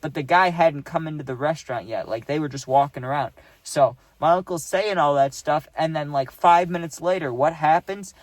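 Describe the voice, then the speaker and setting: A young man casually telling a storytime, rambling and dropping "right?" and "dude" as he goes, acting out quotes in animated voices. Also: a little high, normal speed, few pauses, no room sound.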